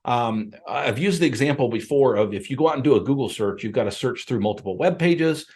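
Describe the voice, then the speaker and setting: A middle-aged man hosts a podcast, speaking straight into the camera in a casual way. His voice sits at a middle pitch, and he sounds earnest and plain-spoken. He often restarts his sentences and uses fillers along the way. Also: expressive, brisk, a little mellow. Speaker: podcast host and appraiser coach. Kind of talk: casual direct-to-camera talk.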